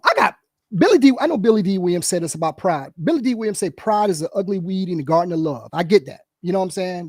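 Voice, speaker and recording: A man co-hosting a podcast in casual chat, rambling and animated, full of fillers and repeated "bro,". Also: high-pitched, no room sound, studio quality. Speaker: podcast co-host.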